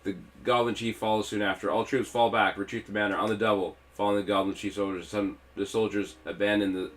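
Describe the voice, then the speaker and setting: A man streams himself reading a game's story text aloud dramatically as part of a let's-play, over faint game music. His voice sits low and is a bit bright, with a little hiss or hum on the recording.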